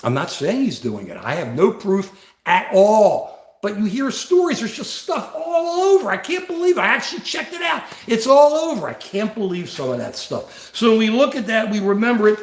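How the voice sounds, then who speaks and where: A man's voice: high-pitched, very animated, normal speed. A man hosting a political commentary livestream, talking with passion, asking rhetorical questions and often repeating his words. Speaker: livestream host. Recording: echoey room.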